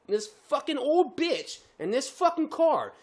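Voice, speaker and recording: Brief: male podcast co-host, high voice, swings widely in pitch, swears freely and laughs through the story. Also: measured pace. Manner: heavily profane, laughing, animated storyteller. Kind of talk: casual storytelling chat.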